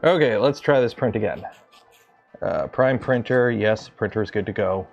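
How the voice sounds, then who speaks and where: Gravelly-voiced man chatting through a build. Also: lowish voice, moderate pace, muffled recording, soft background music. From Canada. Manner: rambling, jokey, swears, talks to his machines. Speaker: maker livestream host. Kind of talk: casual livestream chat while building.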